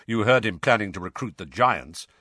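A man doing a calm, weary middle-aged man. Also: lowish voice, dry recording, studio quality. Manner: calm, measured, quietly explaining.

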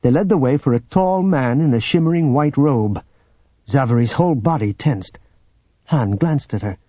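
A man narrates an audiobook in a measured, steady voice. His tone is dark and husky, and the recording sounds dry and a little dull. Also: medium pitch, dry recording. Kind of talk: scripted narration.

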